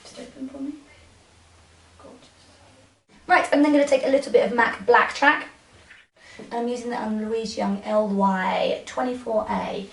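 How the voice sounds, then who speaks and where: A woman makeup artist narrating a tutorial, giving soft, coaxing instructions to her model as she works. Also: a little high, fairly even intonation, moderate pace, vocal fry, pauses often. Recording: roomy, from a distance.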